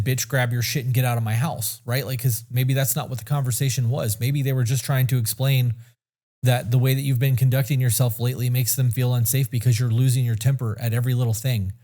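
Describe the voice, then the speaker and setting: A man's voice: mid-range voice, steady tone, fast, dark tone. A man co-hosting a podcast in casual chat, blunt and rambling, swearing freely. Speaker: podcast co-host.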